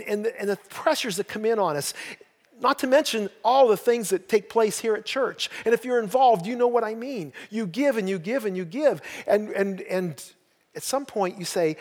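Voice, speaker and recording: An older man, a pastor, preaching a sermon through homespun personal stories with folksy, self-mocking humor. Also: high-pitched. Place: church sanctuary. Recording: long reverb of a large church hall.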